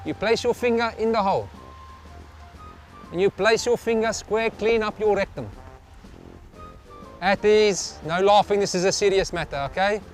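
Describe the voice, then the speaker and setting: A gruff, stern army sergeant major, as a man puts him on, barking out a deadpan military briefing. His voice sits high and clipped, and music plays underneath. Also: moderate pace, long pauses, close to an everyday voice. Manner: barking orders, mock-serious military briefing.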